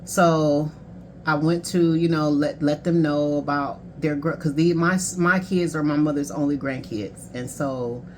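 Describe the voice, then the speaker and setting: A woman's voice: deep voice, steady tone, a little slow, darkish tone, a little hiss or hum. A woman in her thirties, a life coach, candidly telling a painful personal story in a casual, conversational way. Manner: candid, conversational, emotional, quoting others.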